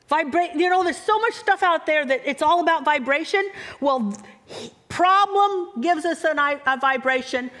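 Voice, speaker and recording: Female minister, slightly high voice, expressive sermon delivery. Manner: expressive, chant-like repetitions. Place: church sanctuary.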